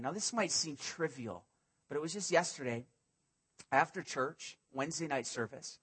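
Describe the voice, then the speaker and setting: A man's voice: medium pitch, normal speed, fairly bright tone, husky. A male pastor preaching a sermon, animatedly acting out biblical dialogue in casual modern speech.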